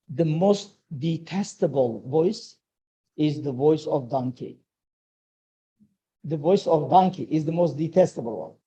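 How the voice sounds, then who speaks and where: A man's voice: a little high, mellow, lo-fi sound. A man giving an earnest sermon-like talk at a religious study circle, repeating his key advice, with a delivery.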